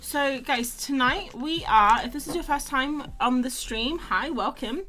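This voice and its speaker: A woman's voice: sits high, a little slow, pushed and bright. A young woman hosting a casual drawing livestream, chatting and rambling to viewers and greeting them by name. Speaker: livestream host. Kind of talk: casual chat while drawing.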